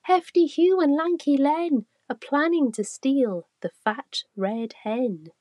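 A woman's voice: medium pitch, takes it slowly, no echo. A woman voicing a tiny, clever ladybug speaking urgently.

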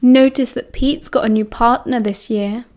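A sly, cheeky teenage wizard boy with a British accent, as a woman reading an audiobook puts him on. The voice sits a little high and stays playful and scheming. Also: fairly even intonation, normal speed, a little mellow, close to an everyday voice. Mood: teasing.

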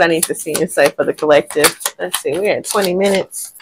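An animated woman talks through a casual tarot reading in loose, slangy speech at a mid pitch. She swears freely and thinks out loud as she turns each card. Her tone stays playful and informal throughout. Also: a little slow, pauses often, a little hiss or hum. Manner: thinks aloud, often says she does not know. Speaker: tarot reader.

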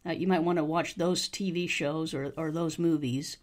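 An American woman with a mild Southern accent, hosting a podcast pronunciation lesson, repeating phrases slowly and carefully for learners to copy. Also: sits low, fairly even intonation. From United States. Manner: slow, careful modeling of phrases, repeated for practice. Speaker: English teacher, podcast host.

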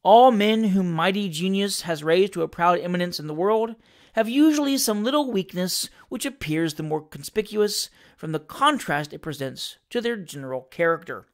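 Audiobook reader, classic novel, really animated up and down, middle pitch. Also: normal speed. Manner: expressive, lively narration. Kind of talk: scripted reading of a classic novel.

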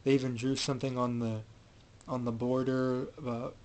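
A man's voice: medium pitch, little pitch movement, moderate pace, darkish tone, poor audio. A man giving a casual, rambling recap of a film, with many fillers and restarts. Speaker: film reviewer.

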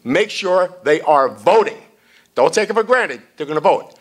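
A man's voice: on the high side, expressive, moderate pace. A man chairing a party event, giving a blunt, salty, off-the-cuff rally speech.

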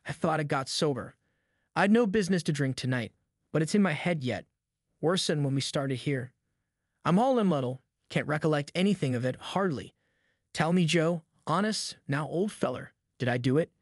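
A man's voice: on the high side, expressive, moderate pace, no room sound, clean studio sound. A man reading a drunken, pleading old backwoodsman. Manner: pleading, rambling rustic talk.

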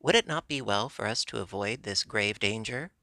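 A man's voice: lowish voice, animated, normal speed, bright, forceful tone, dry recording, studio quality. A man voicing cowardly, pompous male army generals.

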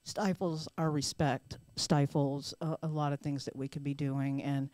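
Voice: medium pitch, steady tone, a little slow, darkish tone, no room sound. Earnest podcast host, dry close sound. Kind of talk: casual podcast talk.

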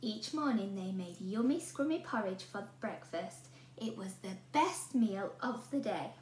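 A woman teacher reading a storybook aloud to children in an animated way, often asking the listener questions. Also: mid-range voice, a little slow. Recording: roomy room with a faint hum.

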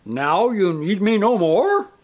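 A man's voice: high voice, huge pitch swings, unhurried, darkish tone, voice pushed up, heavily acted. A man voicing a pompous, self-pitying male ghost who declaims melodramatically in a storybook reading. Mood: wounded.

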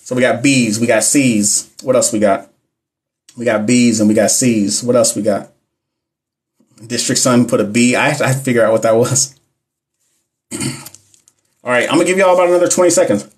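A fast-talking man runs a casual live stream as a nurse educator. His voice sits at a middle pitch, and his speech is slangy as he addresses the chat directly. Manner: fast-talking, talks fast all the time.

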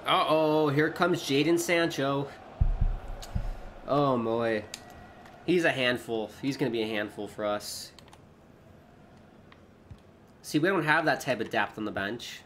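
A man giving casual play-by-play commentary while playing a football video game, excitable and prone to shouting when chances come. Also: medium pitch, a little slow, slight background noise. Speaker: gaming YouTuber.

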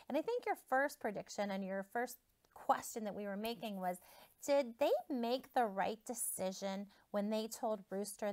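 A woman teacher reading a picture book aloud to young children, pausing to ask them questions and prompt predictions. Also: mid-range voice. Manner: expressive, asks children questions.

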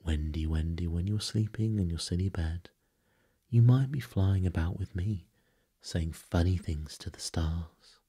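A man voicing a boastful, mischievous young boy in a hushed, breathy bedtime story reading. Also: sits low, unhurried. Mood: coaxing.

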